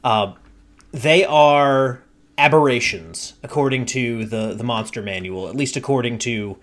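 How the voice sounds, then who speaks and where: A man in an easygoing conversation who unfolds his gaming anecdotes at a slow, measured pace. His pitch sits in an ordinary middle range, and he builds each story step by step as the host. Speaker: podcast host and game master. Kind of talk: casual chat.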